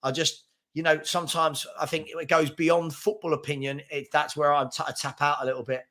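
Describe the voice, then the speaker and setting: A man's voice: on the high side, level tone, brisk, pushed and bright. A man, hosting a casual live football chat stream, reading out viewer comments in a chatty, rambling and self-deprecating way, tired from an early start. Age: 40s. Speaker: football channel host.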